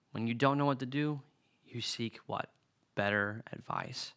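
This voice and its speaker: A man's voice: medium pitch, normal speed, a bit bright, clear, resonant tone. A young man preaching in a casual, earnest way who often acts out the lines of everyday arguments. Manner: earnest, conversational, acts out quoted dialogue. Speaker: youth preacher. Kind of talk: sermon-style teaching on a book.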